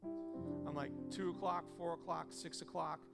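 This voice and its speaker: A male pastor preaching a sermon, swinging between loud emphatic peaks and soft conversational storytelling. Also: fairly high pitch, fairly even intonation, measured pace, creaky. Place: church sanctuary. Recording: church hall reverb with soft guitar.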